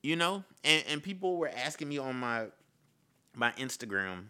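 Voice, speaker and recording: A man's voice: fairly high pitch, expressive, unhurried, sharp tone, clean tone. A man giving an impassioned casual monologue, repeating his points and calling the listener "bro". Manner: impassioned, repetitive, says "bro".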